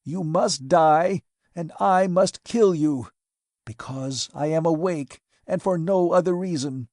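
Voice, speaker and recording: A man reading an audiobook, voicing a cold, determined man who speaks in grim, forceful declarations. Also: mid-range voice, measured pace, dry recording, clean studio sound, lightly acted. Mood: grim resolve.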